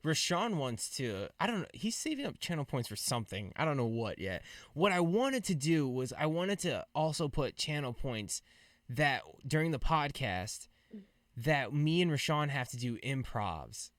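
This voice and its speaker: Very animated and on the high side, this gaming podcaster talks at a normal pace in a slightly bright tone. He's a streamer who keeps things laid-back and laughs easily, recorded in studio quality with no echo.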